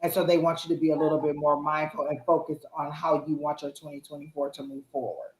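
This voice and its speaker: A woman's voice: deep voice, level tone, fast, a little mellow, roomy sound, rough recording. A woman co-hosting a live tarot reading stream from home, talking in a chatty, reassuring, loosely rambling way. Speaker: tarot reader co-host.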